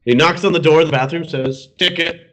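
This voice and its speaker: A man's voice: a little high, fast. A young man co-hosting a podcast, telling jokes in casual chat and laughing along as he goes. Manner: animated storyteller who laughs at his own jokes. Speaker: podcast co-host.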